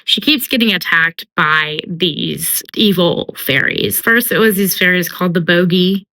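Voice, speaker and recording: A woman's voice: fairly low pitch, a little slow, bright, forceful tone, low-quality recording. A young woman casually summarizing a book, chatty and full of filler words, slipping into character voices. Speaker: book commentator.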